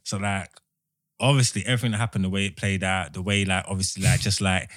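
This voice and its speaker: A man's voice: low-pitched, little pitch movement, fast talker, fairly bright tone, dry recording, clean studio sound. A man telling a laid-back story in a casual podcast chat.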